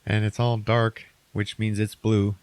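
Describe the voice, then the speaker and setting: A man's voice: on the low side, little pitch movement, unhurried, a little mellow, smooth, no room sound. A man casually recapping a movie on a podcast, rambling and profane, acting out characters' lines in a raised voice.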